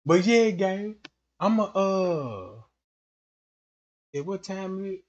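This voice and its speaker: A young man livestreaming, telling stories in a casual, slangy, animated way. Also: sits high, takes it slowly, dull audio.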